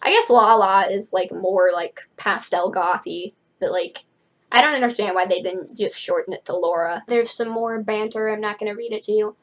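A woman's voice: mid-range voice, moderate pace, rough recording. A teenage girl reading a novel aloud, breaking off for chatty, wry asides. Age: late teens. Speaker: book reader.

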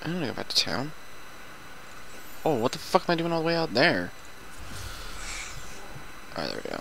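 Sitting on the high side, his pitch swoops wildly as he talks fairly quickly with vocal fry and a fairly bright tone. Playing a video game with a friend, this commentator chats casually and profanely over a rough recording with slight background noise.

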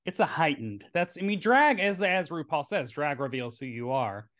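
A man's voice: fairly high pitch, lively intonation, moderate pace, a bit bright. A man from Tennessee with a Southern accent, hosting a casual podcast chat in his drag queen persona, playful and chatty. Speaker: podcast host.

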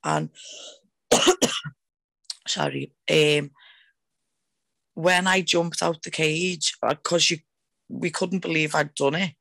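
A woman fighter on a radio talk show, telling her stories in a rambling, animated way with lots of fillers. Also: sits low, takes it slowly, vocal fry, pauses often, no echo. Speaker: MMA fighter guest. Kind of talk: excited casual storytelling.

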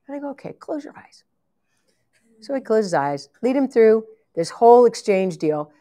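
A woman preacher telling a long story in a sermon, animated, acting out the voices of the people in it and often laughing. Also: fairly low pitch. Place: conference hall.

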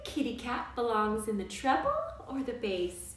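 A woman teaching a live online music class for small children, speaking in a bright, coaxing, sing-song way. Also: fairly high pitch, expressive, measured pace. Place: indoors at home during quarantine. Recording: very echoey room, mic at a distance.

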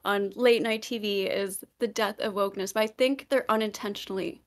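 A woman's voice: mid-range voice, fairly even intonation, fairly quick. A young woman, a guest on an online panel, talking casually and hedging her points with lots of fillers. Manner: rambling, hedging with many fillers.

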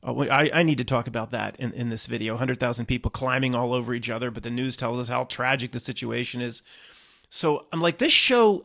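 A man hosting his own channel, talking casually and rambling to viewers, restarting often and jumping from low mutters to loud emphatic bursts. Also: gravelly. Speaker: YouTube channel host.

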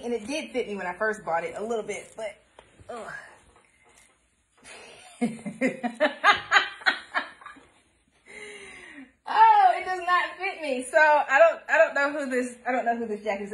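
A woman, hosting a casual live embroidery stream and chatting to her viewers. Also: a little high. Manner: chatty, expressive, addresses viewers as y'all. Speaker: embroidery livestream host.

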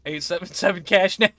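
A man's voice: high voice, sharp tone. A man streaming a shooter game, chatting casually with friends, laughing often and swearing playfully. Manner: giggly, crude, playful. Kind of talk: casual gaming chat.

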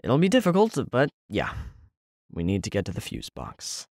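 A man playing a deadpan young man who explains the plan, in a fan audio drama. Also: lowish voice, moderate pace, no echo, clean studio sound, heavily acted.

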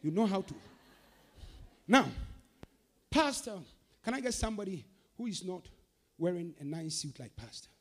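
A man preaching a sermon, moving between fervent, rhythmic chanted declarations and calmer teaching. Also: high-pitched, moderate pace, pauses often.

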